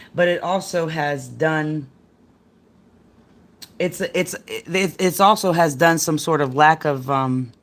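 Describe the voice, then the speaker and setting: On a livestream, a middle-aged tarot card reader chats to her viewers in a rambling, slangy way while doing a casual reading. Her voice sits low with a fairly bright tone.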